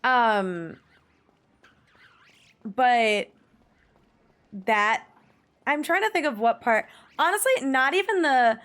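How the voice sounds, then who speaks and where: A woman's voice: high voice, animated, slow, long pauses, a bit bright. A woman streaming live, chatting casually with viewers and gushing emphatically, with the odd swear. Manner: gushing, emphatic, swears, reads chat aloud. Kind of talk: casual livestream chat.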